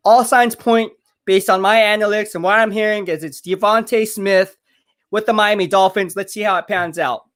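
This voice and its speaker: A man's voice: high voice, steady tone, moderate pace, fairly bright tone. A man hosting a live watch-party stream, reading viewer comments aloud in a hyped, chatty way while a little out of breath from exercising. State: out of breath from curls.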